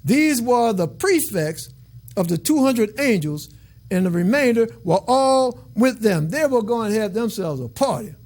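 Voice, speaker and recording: A man's voice: sits high, big pitch swings, a little slow, a little mellow. A man teaching from scripture in a sermon, reading aloud and breaking off for casual, colloquial asides and frequent check-ins. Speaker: Bible teacher.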